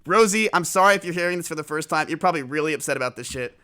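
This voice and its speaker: A young man streaming, telling a story to his chat in a casual, animated way with plenty of swearing and self-mockery. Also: on the high side, racing, clean tone.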